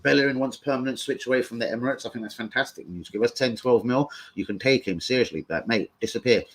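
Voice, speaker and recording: A young man talks to his live-stream chat at a medium pitch, loose and unscripted. He swears freely, taunts trolls and greets regulars by name, all in street slang. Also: quick pace, breathy edge. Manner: profane, combative banter with chat trolls, slangy.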